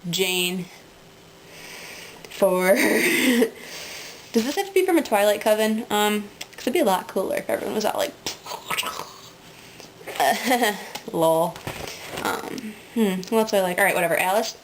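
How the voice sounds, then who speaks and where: A woman's voice: mid-range voice, animated, unhurried, pauses often, noisy background. A woman in a casual, rambling webcam monologue, full of ums and likes, often breaking into giggles. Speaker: vlogger.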